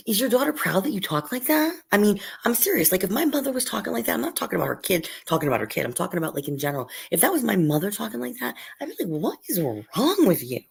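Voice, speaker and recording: A woman's voice: medium pitch, vocal fry, husky. A woman chatting casually on a livestream, rambling with many fillers and restarts as she gossips. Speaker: livestream co-host.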